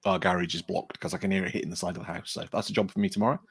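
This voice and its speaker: Low husky-voiced wry co-host. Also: male voice, steady tone, very fast, no echo, clean studio sound. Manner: wry, blunt, jokey. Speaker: podcast co-host. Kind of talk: casual livestream chat.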